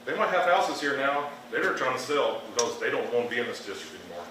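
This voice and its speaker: A man's voice: mid-range voice, quick pace. A man from the American South with a Southern accent, speaking bluntly at a public meeting. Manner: blunt, emphatic, animated. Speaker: public commenter. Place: large meeting room. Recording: echoey hall, far from the mic, some noise.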